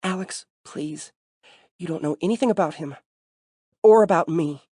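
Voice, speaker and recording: A man voicing a sharp, guarded young woman lecturer who talks quickly and defensively, as an audiobook character. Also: a little high, breathy edge, dry recording, studio quality, pitched above the performer's own voice. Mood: bitter.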